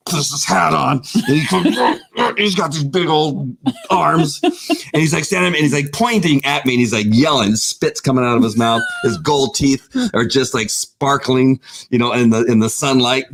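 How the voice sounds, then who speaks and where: A man's voice: moderate pace, creaky, a little hiss or hum. A middle-aged man, co-host of a casual talk show, telling a long story and acting out the voices in it. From Southern California. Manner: animated storyteller, acts out voices with big pitch jumps. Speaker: podcast co-host.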